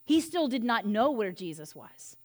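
A woman with a bright, high voice delivers a sermon. She retells the story in an animated, conversational way and slips in casual jokes along the way. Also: moderate pace. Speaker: preacher.

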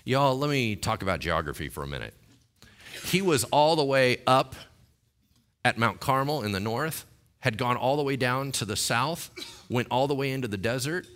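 Speaking at normal speed with an expressive voice, a preacher keeps his sermon relaxed and chatty, questioning the congregation and performing voices from the scripture. At times he builds to loud, high-pitched exhortation.

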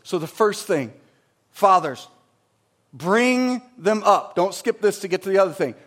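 High-voiced preacher, swinging loud to hushed. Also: male voice, a little fast. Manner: emphatic, swings between loud and hushed, acts out quotes. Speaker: pastor. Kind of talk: sermon.

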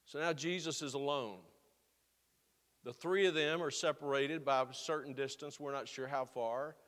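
A man's voice: mid-range voice, fairly even intonation, fairly bright tone. Earnest male pastor in a reverberant hall. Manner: earnest, building to slow emphatic stresses. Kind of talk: sermon.

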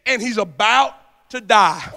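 A man's voice: high voice, lively intonation, slow pace, gravelly, pushed and bright, heavily acted. A man voicing a desperate father pleading urgently for help for his dying son.

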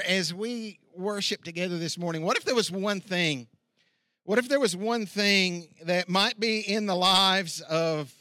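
A middle-aged man preaching a sermon outdoors, telling a folksy story with lively asides. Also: high voice, dry recording, clean studio sound. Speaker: pastor. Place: outdoor church service.

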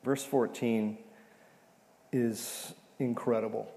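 Man preaching with a gravelly voice. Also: mid-range voice, fairly even intonation, slow, dark tone. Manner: conversational, repeats "okay?" often. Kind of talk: sermon teaching on a psalm. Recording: long hall reverb.

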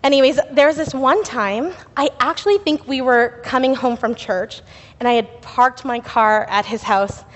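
Young woman speaker, high-pitched, casual storytelling sermon, long reverb of a sanctuary. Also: normal speed, lo-fi sound. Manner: chatty storytelling with laughs and fillers. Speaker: youth speaker at church. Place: church sanctuary. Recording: reverberant church hall.

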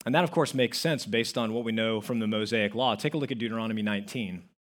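This preacher talks quickly in a lowish voice. As pastor, he gives an emphatic sermon, telling stories, acting out quotes, and stressing important words.

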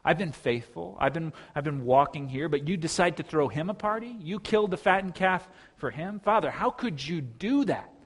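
Resentful older brother, bitter and indignant, put on by a preacher. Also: male voice, on the high side, animated, fast talker.

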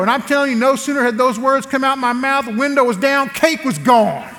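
Oklahoma guy preaching, high voice, big lively storytelling, church hall echo. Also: a little fast, hardly any pauses. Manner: animated, acts out quotes with big swings in pitch. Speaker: guest preacher. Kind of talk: storytelling sermon. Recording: long church hall reverb.

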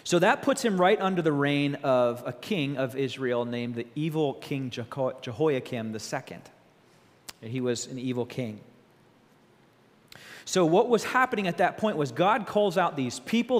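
A man preaching a sermon as a pastor, animated and full of rhetorical questions. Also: a little high, normal speed, long reverb tail.

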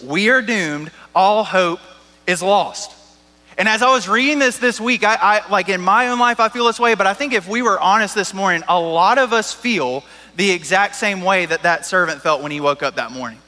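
A man's voice: high voice, a little fast, hardly any pauses, bright, forceful tone, in a large hall. A man preaching a sermon as a pastor, talking in a casual, joking way with lots of "like" and "right?".

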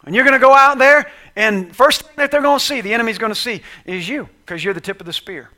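A male pastor preaching an animated, conversational sermon who slips into acted-out quotes. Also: very high voice, fast.

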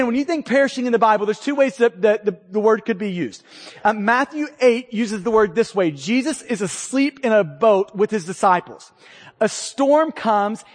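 A man preaches to his congregation in an earnest teaching tone, now and then acting out the voices in the stories he tells. His voice sits very high for a man. A long reverb from the hall trails after his words. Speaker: pastor. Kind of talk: sermon.

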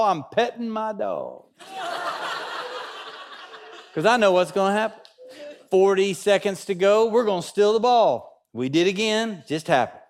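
A man, speaking in a fairly high voice. He tells a funny story to an audience, animated and joking, and builds up excitement as he goes. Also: unhurried, pauses often, slight background noise. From Kentucky, USA. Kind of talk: humorous storytelling talk.

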